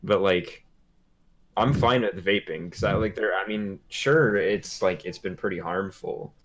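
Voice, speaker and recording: A young man with a lowish voice, chatting on a podcast. He talks in a loose, laid-back way, full of filler words and casual swearing. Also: a little slow, fairly bright tone, a little hiss or hum. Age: young adult. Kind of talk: casual chat.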